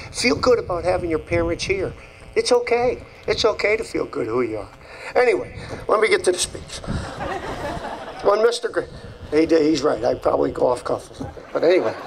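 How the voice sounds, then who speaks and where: Older man, slightly high voice, athletic director type, folksy off-the-cuff graduation speech. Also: creaky, a little hiss or hum, poor audio. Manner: folksy, off-the-cuff storytelling with repeated phrases. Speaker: athletic director giving a commencement address.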